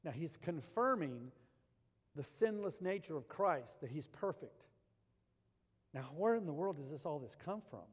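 A man preaches a sermon with a high voice, pressing hard on key lines and then falling to a hushed intensity. His words ring out with a long reverb tail, as in a large hall. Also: measured pace, husky. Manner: animated preaching, swings between loud emphasis and quiet intensity. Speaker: pastor.

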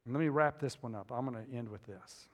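A middle-aged man preaching a sermon, telling a family story and building to loud, fervent emphasis. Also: medium pitch, quick pace, dull audio. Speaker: pastor. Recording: long reverb of a large hall.

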